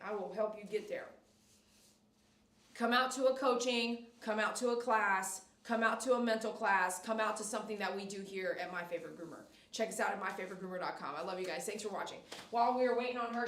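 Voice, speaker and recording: A woman's voice: on the high side, fairly bright tone, far from the mic. A middle-aged woman dog groomer chatting on a live stream in her salon, giving emphatic, repetitive advice and coaxing a dog. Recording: echoey room, voice off-mic.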